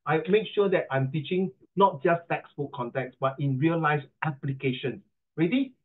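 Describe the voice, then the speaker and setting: A man's voice: fairly high pitch, moderate pace. A man with a Singaporean accent teaching an online class in a playful, joking way, full of rhyming wordplay. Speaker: tutor. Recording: tinny phone-like line.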